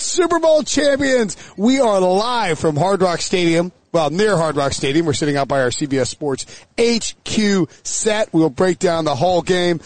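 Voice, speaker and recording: A man hosting a casual sports podcast outdoors, energetic and joking with quick asides. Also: on the high side, no room sound. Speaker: podcast host. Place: outdoors near a stadium set.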